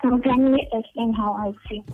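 Shy caller on a tinny phone line. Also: female voice, a little high, steady tone, normal speed, soft background music. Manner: shy, brief answers. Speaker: young caller.

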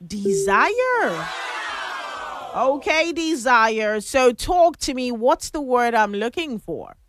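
A woman's voice: fairly high pitch, big pitch swings, takes it slowly, a bit bright, a little hiss or hum. A woman hosting a morning radio call-in show, chatting playfully with callers and laughing often. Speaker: radio host.

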